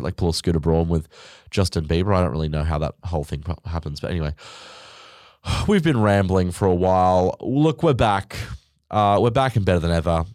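A man's voice: sits low, a little mellow, no echo, clean studio sound. A man hosting a podcast alone, ranting bluntly with plenty of swearing and rambling asides. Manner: blunt, sweary, rambling, mock voices for quoted people. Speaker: podcast host. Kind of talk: casual solo podcast rant.

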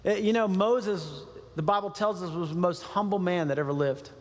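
A male pastor preaching a sermon in an animated way, laughing often and acting out quoted voices. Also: high-pitched, normal speed, few pauses. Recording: long hall reverb.

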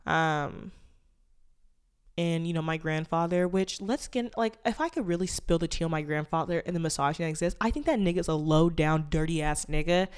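A woman's voice: low voice, brisk, clear, resonant tone. A young woman in her twenties hosting a casual solo podcast, talking candidly and rambling with lots of fillers and swearing. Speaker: podcast host.

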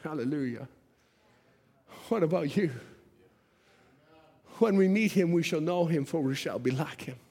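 A man's voice: fairly high pitch, animated, normal speed, long pauses, darkish tone. A man preaching a sermon to a church congregation, with a fervent cadence and repeated rhetorical questions. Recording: long hall reverb, faint music behind.

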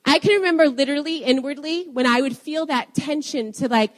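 Young woman preacher, lively and self-laughing, higher voice, reverberant hall sound. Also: normal speed. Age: young adult. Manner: animated, laughs often at herself. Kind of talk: sermon.

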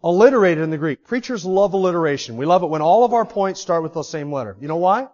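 A man's voice: a little high, expressive, quick pace. Emphatic preacher man, lo-fi sound. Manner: emphatic, swings from quiet asides to loud repeated declarations. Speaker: pastor. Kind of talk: expository sermon. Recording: dull lo-fi recording.

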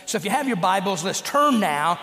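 High-voiced pastor preaching in a reverberant church. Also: male voice, very animated, a little fast, pushed and bright. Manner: earnest, emphatic preaching with dramatic acted quotes. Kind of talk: sermon. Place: church sanctuary. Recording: long reverb of a church sanctuary.

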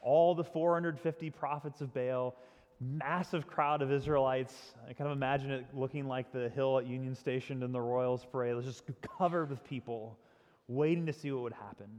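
A man's voice: medium pitch, fairly even intonation, moderate pace. Male pastor, dramatic sermon storyteller, big reverberant hall. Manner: dramatic storytelling, swinging from loud to hushed.

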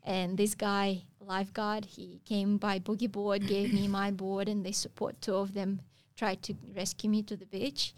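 A woman's voice: medium pitch, flat delivery, dry recording. Woman telling a story. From Russia. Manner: halting non-native phrasing with frequent pauses. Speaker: guest. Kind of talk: casual storytelling interview.

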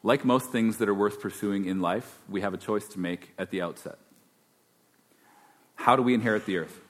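A man's voice: on the low side, moderate pace, long pauses. A man preaching a sermon as pastor, conversational and then emphatic. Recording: long hall reverb.

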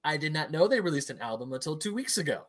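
A man's voice: fairly high pitch, very animated, quick pace, fairly bright tone, a little hiss or hum. A man co-hosting a podcast, talking in an enthusiastic, emphatic way. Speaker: podcast co-host. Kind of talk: casual chat.

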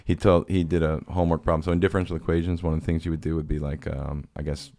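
Podcast host, man, extremely deep voice, casual rambling storyteller, crude and self-deprecating. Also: little pitch movement, racing, mellow, dry recording. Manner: rambling, profane, self-mocking with quoted impressions.

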